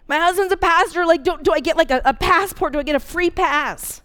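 A woman's voice: very high-pitched, brisk, few pauses, fairly bright tone. A woman in her forties preaching a sermon, earnest and candid, telling a personal story with dramatic emphasis. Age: 40s.

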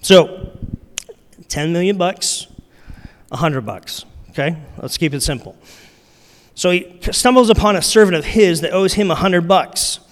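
A man preaching a sermon in a relaxed, conversational way, using slang and repeating his key lines for emphasis. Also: high-pitched, a little slow. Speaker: pastor. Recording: long reverb of a large hall.

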